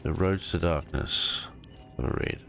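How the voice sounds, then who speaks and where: A man's voice: deep voice, slow, gravelly, over music. A man giving casual commentary over a video game, reading in-game books aloud and often stumbling and correcting himself. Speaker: gameplay commentator.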